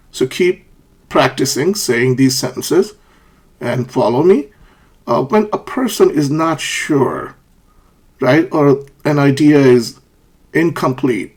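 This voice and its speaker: A man teaching English pronunciation, who says example sentences aloud and repeats them to show rising and falling pitch. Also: lively intonation, a little slow, husky. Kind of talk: pronunciation lesson.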